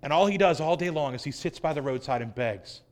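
Male preacher with a high voice, dramatic sermon reading. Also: animated, brisk. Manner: dramatic scripture reading, swelling loud then dropping soft. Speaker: pastor.

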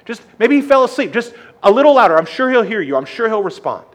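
A preacher acting out a male prophet who taunts loudly and then pleads with indignation. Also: a little high, very animated, unhurried. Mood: taunting. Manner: taunting, raised and loud.

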